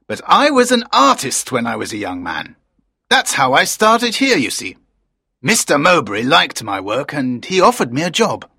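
A man's voice: a little high, wildly swooping pitch, moderate pace, creaky, bright, forceful tone, slightly rough, no echo, studio quality, exaggerated voice. A man voicing a proud, enthusiastic production director in his late fifties, in audiobook character dialogue.

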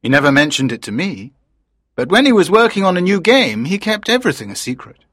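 A man's voice: high voice, big pitch swings, fairly quick, a bit bright, husky, dry recording, clean studio sound, heavily acted. A man playing a proud, enthusiastic man in his late fifties. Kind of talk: audiobook character dialogue.

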